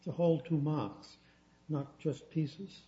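A man's voice: a little high, steady tone, takes it slowly, dark tone, highs cut off. A man, an appellate judge, directly summing up a point from the bench. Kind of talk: questioning from the bench.

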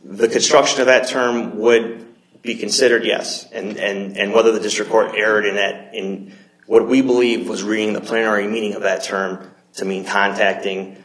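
A man arguing as an attorney in a court, measured and halting, often repeating words as he makes his case. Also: lowish voice, fairly even intonation, a bit bright. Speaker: appellate attorney. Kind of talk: courtroom oral argument. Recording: roomy courtroom echo.

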